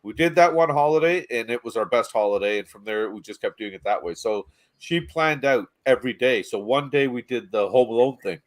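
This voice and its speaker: A man's voice: mid-range voice, brisk. A man co-hosting a podcast, telling travel stories in casual chat and swearing freely. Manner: animated storyteller, swears freely. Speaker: podcast co-host.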